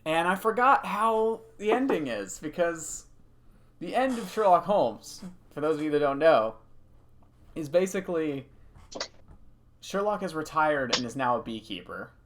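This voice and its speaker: A man's voice: fairly high pitch, big pitch swings, a little slow, a bit bright. Man rambling through a story on stream. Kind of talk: casual chat while gaming.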